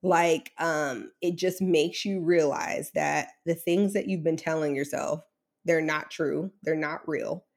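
A woman's voice: low voice, steady tone, slow pace, gravelly, darkish tone. A woman in her thirties, an interview guest telling a candid, emotional personal story with many fillers.

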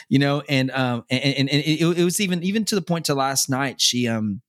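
A young man chatting casually as a podcast co-host, rambling with many restarts and repeated words, and turning animated when he quotes others. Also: brisk, few pauses. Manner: animated, jumps higher when quoting others. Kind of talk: casual chat.

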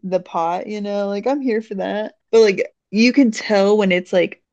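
Raspy gravelly woman podcaster. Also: medium pitch, unhurried, darkish tone, no echo, dull audio. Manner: laid-back, slangy, laughs often. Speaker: podcast co-host. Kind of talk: casual chat.

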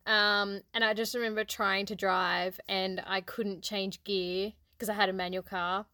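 A woman's voice: mid-range voice, a little slow, dry recording, clean studio sound. A young Australian woman chatting casually on a podcast, laughing often as she tells stories. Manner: laughs often, animated storytelling. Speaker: podcast co-host. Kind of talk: casual chat.

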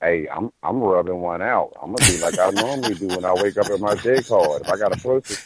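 A man's voice: sits low, quick pace, a crowd in the background. A man co-hosting a casual talk radio show, joking in a crude, boastful way. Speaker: radio co-host.

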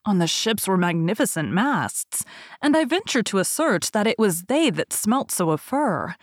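A woman's voice: mid-range voice, big pitch swings, normal speed, no echo, studio quality. A woman doing a musing old stork.

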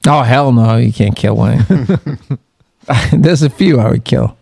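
Gravelly man in casual chat. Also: mid-range voice, a little mellow. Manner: laughs easily, quick blunt reactions. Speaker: podcast co-host.

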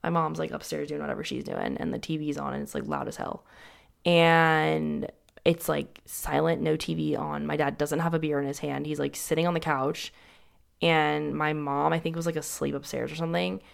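A woman's voice: low-pitched, steady tone, normal speed, vocal fry. A young woman telling a painful personal story in a casual way, saying "like" often and restarting her sentences. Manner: casual, heavy use of "like", frequent restarts.

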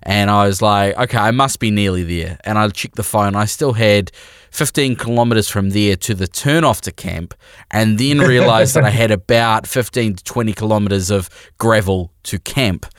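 A young New Zealand man with a lowish, smooth, resonant voice, chatting casually as a podcast co-host. He tells his story in a rambling, self-deprecating way, and the sound is dry and close with no room echo. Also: normal speed. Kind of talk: casual chat.

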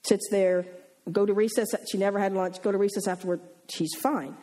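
Southern woman telling lively stories. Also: medium pitch, a little fast. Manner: animated, acts out the people in her stories. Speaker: pastor's wife and teacher. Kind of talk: storytelling in a church talk.

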